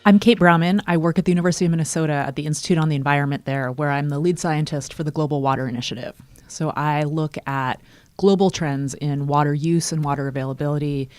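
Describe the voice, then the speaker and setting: A woman scientist introducing her work in a quick, fluent way. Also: low-pitched, fairly even intonation, a little mellow, no echo, faint music behind. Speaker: scientist guest. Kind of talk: interview.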